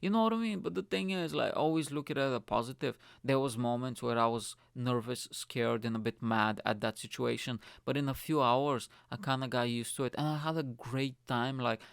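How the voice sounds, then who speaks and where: Young man from Bulgaria, host, gravelly voice, smooth tone, dry close sound, rambling animated storytelling. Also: medium pitch, fairly quick, hardly any pauses, no room sound. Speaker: podcast host. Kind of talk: casual storytelling monologue.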